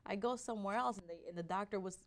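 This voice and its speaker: A woman telling her personal story as an interview guest, in an animated way with frequent restarts. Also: medium pitch, very fast.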